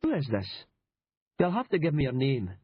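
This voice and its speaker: Brief: man voicing a husky, irritable Northern Scottish sergeant for an audiobook, sarcastic and fed up. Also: mid-range voice, huge pitch swings, moderate pace, highs cut off, full character voice. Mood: sardonic. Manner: gruff, sarcastic. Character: weary, irritable rural police sergeant, middle-aged man.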